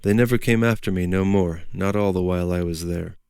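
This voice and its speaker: A gentle young Italian emigrant man, as a male narrator puts him on, talking in plain, repetitive broken English. The voice sits low with a gravelly edge. The recording is close and dry. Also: fairly even intonation, fairly quick, no echo. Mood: proud.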